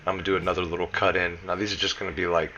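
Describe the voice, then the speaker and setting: A man's voice: low-pitched, little pitch movement, rapid-fire, bright, forceful tone, lo-fi sound. A man with a Southern US accent giving a casual, chatty voice-over for a game building tutorial, dropping plenty of "you know" asides. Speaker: game building guide creator.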